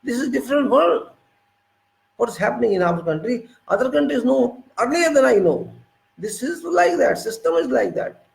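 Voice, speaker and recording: Indian guy ranting about world politics, high gravelly voice, echoey room. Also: sing-song, normal speed. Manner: emphatic, rhetorical questions, pitch leaps for emphasis. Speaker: political commentator. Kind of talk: unscripted political monologue.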